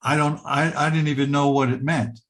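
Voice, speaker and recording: A man's voice: fairly high pitch, flat delivery, fairly quick, a bit bright. Older male speaker, earnest and repetitive, plays out the dialogue. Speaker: speaker sharing a near-death experience. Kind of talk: personal storytelling talk.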